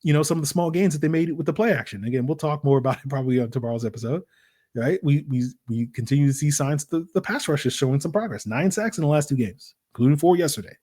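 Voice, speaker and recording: A man hosting a solo sports podcast, talking in an animated, rambling way with lots of fillers and rhetorical "right?" questions. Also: on the high side, fast talker. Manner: acts out voices in quoted asides. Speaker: podcast host.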